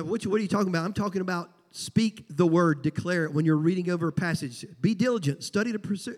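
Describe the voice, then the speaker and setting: Folksy Southern preacher, high voice. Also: male voice. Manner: folksy, emphatic, repeats key phrases. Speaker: pastor. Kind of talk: sermon. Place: church sanctuary. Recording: long church hall reverb.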